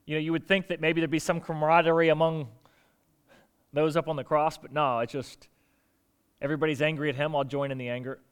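A man preaching a sermon as pastor, animated, asking rhetorical questions and acting out quoted lines. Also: a little high, a little fast, smooth.

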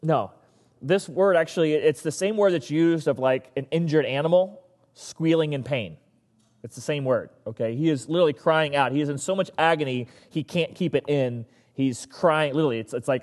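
A man's voice: on the high side, moderate pace, a little mellow, big-room sound. A male pastor giving a casual, conversational sermon and acting out the voices of the people he talks about.

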